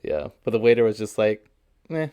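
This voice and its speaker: A man's voice: fairly low pitch, moderate pace. A young man co-hosting a podcast, chatting casually about a movie, laughing often and quoting characters. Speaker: podcast co-host. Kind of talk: casual movie review chat.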